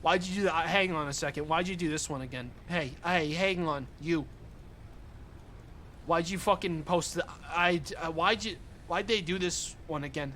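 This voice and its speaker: A young man streaming a game live, talking to his chat, excitable and swearing often. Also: on the high side, normal speed, slight background noise.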